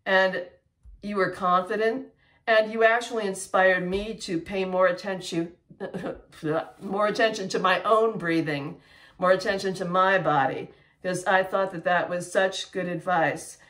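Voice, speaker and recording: A woman's voice: mid-range voice, unhurried. Earnest woman teacher presenting award. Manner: earnest, animated, speaking directly to student. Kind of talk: award speech.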